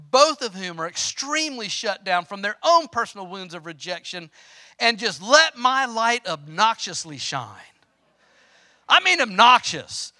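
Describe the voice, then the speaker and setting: A middle-aged man, preaching a personal story that moves between quiet telling and loud, impassioned preaching. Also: high-pitched, animated, moderate pace, dry recording, studio quality. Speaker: pastor. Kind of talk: sermon storytelling.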